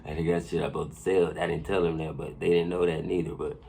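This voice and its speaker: A man with a low, rough, gravelly voice spins a profane personal story in loose podcast chatter. He is animated and laughs often, and he keeps checking in with his listeners. A faint hiss of noise sits under his voice. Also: quick pace. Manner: animated, laughing often, keeps saying "you know what I'm saying".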